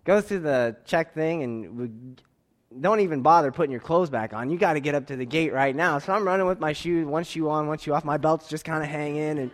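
A man telling a personal story to an audience in an animated way, acting out the dialogue and laughing as he goes. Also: a little high, fairly quick. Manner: expressive, swings between quiet asides and loud outbursts.

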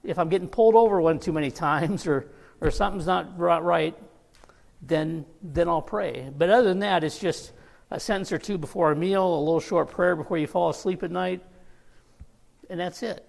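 A man's voice: fairly high pitch, normal speed, creaky, a little mellow. Man preaching in a reverberant church. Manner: storytelling, laughing through anecdotes. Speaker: pastor. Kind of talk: sermon. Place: church sanctuary. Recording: long reverb of a church hall.

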